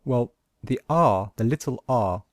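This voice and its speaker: Slow, patient male teacher. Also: mid-range voice, animated, no room sound, clean studio sound. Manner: patient, models sounds and words slowly. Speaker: English pronunciation teacher. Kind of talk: slow, deliberate lesson explaining phonetic symbols.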